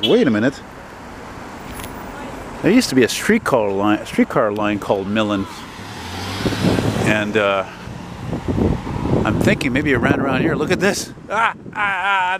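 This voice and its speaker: A man, chatting casually as he walks outdoors along a city street, rambling and swearing now and then. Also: fairly high pitch. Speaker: vlogger. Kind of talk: casual walking commentary. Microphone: handheld camera while walking. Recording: noisy outdoor street recording. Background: passing traffic.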